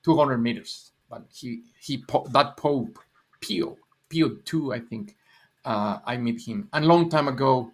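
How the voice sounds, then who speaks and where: A man's voice: mid-range voice, measured pace. A man in his sixties from Mexico, Spanish-accented, rambling through stories in a casual livestream chat with frequent laughs and repeated words. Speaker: livestream guest.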